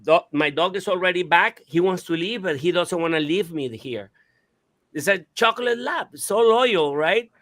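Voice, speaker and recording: A man hosting a radio talk show, telling a story in an animated, casual way, swearing and imitating sounds. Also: high-pitched, normal speed.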